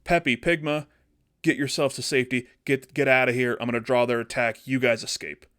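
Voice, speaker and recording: A man voicing a heroic male fox squadron leader yelling orders to his wingmen. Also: mid-range voice, fairly even intonation, fairly quick, clean tone, no room sound, studio quality, close to an everyday voice. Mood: commanding.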